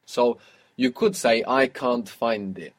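A man's voice: medium pitch, slow pace. Patient male language teacher. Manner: patient, prompting questions and praising answers. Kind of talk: guided audio language lesson.

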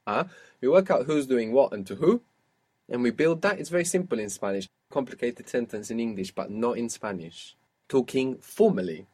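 A man's voice: medium pitch, lively intonation, normal speed, a little mellow, slightly rough. A man teaching an audio language lesson, patiently prompting his student step by step.

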